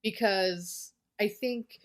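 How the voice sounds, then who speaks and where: A woman's voice: mid-range voice, drawn-out words. A woman co-hosting a podcast, chatting casually about a horror film with crude jokes and frequent laughs. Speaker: podcast co-host. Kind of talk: casual chat.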